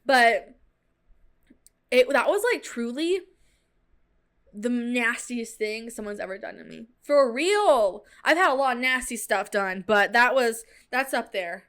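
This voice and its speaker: Young woman, podcast host, casual storytelling, chatty, slightly high voice. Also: a little slow. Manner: chatty, animated retelling with fillers like "like" and "dude".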